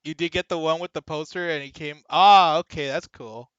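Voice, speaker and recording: A young man streaming a video game, chatting casually with his viewers, excitable and swearing often. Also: fairly high pitch, normal speed, clear, resonant tone, dry recording, dull audio. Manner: excitable, swears a lot, talks to chat. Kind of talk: casual gaming stream chat.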